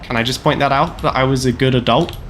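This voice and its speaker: Casting: young man in his twenties, mid-pitched, rambling and jokey gameplay streamer. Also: fairly even intonation, fast talker, slight background noise. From Canada. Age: 20s. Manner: rambling, self-deprecating, jokey, lots of "like" fillers. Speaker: game streamer. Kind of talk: casual gameplay live-stream chat.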